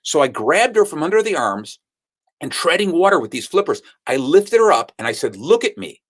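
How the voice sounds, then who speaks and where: A man's voice: a little high, a little fast. A man telling a story as a sales speaker, acting out what people said. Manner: animated storyteller who acts out the quotes. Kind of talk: storytelling talk.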